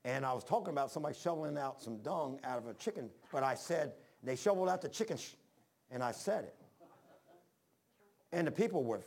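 A man preaches in a brisk, lively manner, his medium-pitched voice gravelly and darkish. The sermon is homespun and meandering, built on personal stories, with repeated restarts and scripture in old-style language.

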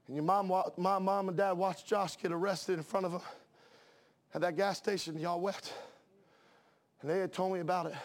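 A man preaches in a strikingly high voice. He delivers an impassioned sermon, often shouting and crying out hallelujahs. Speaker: pastor.

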